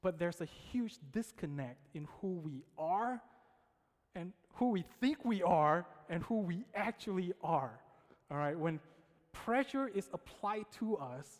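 A man preaching a sermon, telling a personal story with lively quoted voices and frequent check-ins with his audience. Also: high voice, a little slow. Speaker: pastor. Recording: long hall reverb.

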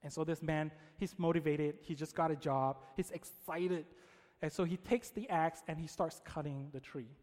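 Male speaker, sermon storyteller, relaxed and chatty, slightly high pitch. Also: normal speed, long reverb tail. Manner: casual, conversational, with frequent "right?".

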